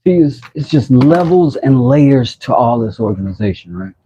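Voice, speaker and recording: A man's voice: medium pitch, lively intonation, moderate pace, dark tone, highs cut off, a little hiss or hum. A man hosting a casual woodworking livestream, rambling and self-mocking as he reads chat messages aloud.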